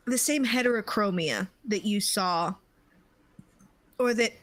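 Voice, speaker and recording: A woman narrating a tabletop game as game master, unhurried and searching for words. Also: medium pitch, no echo, rough recording. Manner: unhurried, with many fillers and restarts.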